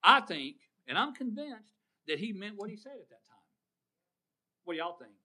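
A man preaching a sermon, drawing call-and-response from his congregation and swinging from loud to hushed. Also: sits high, very animated, normal speed.

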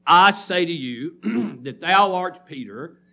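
A man's voice: a little high, animated, slow pace, vocal fry, bright, forceful tone. Emphatic preacher man. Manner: emphatic call-and-response preaching. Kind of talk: sermon. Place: church congregation.

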